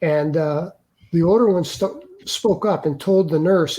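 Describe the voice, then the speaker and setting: An older man, an interview guest, earnestly recounting a personal experience in a halting way with many restarts. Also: fairly high pitch, mellow. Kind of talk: personal storytelling.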